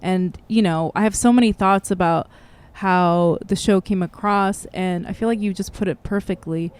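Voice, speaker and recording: A woman hosts a podcast interview in a casual, chatty way, full of fillers and restarts. She encourages her guests, and her voice sits at a medium pitch. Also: steady tone, normal speed, clear, resonant tone. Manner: casual, uses many fillers, warmly encouraging. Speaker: podcast host.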